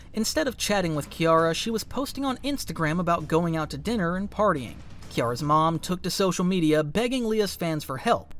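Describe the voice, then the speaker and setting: A man reading a scripted documentary narration in a dramatic, emphatic way. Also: a little high. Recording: faint music underneath.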